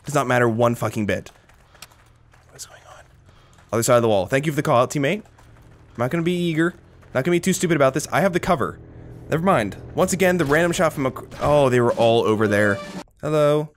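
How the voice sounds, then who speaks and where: A young man giving live commentary over his own gameplay, sarcastic and swearing, with sudden high-pitched bursts of panic. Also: fast talker, long pauses, a little hiss or hum. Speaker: gaming commentator.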